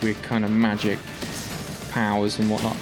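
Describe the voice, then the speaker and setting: A man hosting a relaxed gaming podcast over an online call, his voice sitting a little low as he rambles. He trips over restarts and fillers and breaks off to cough now and then. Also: normal speed, over music. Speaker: podcast host. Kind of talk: casual gaming news chat.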